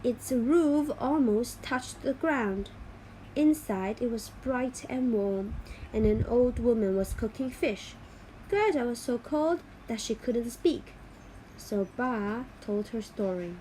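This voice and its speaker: A woman narrating a graded-reader story in a slow, careful, clear way. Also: fairly high pitch, warm tone, slight background noise, poor audio.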